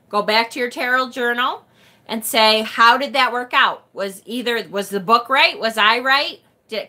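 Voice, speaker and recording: A middle-aged woman with a Rochester, New York accent, hosting a casual tarot livestream and reading viewer comments aloud, chatty and quick to laugh. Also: fairly high pitch, bright, forceful tone. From United States. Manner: chatty and bubbly, laughs often, trails off and restarts.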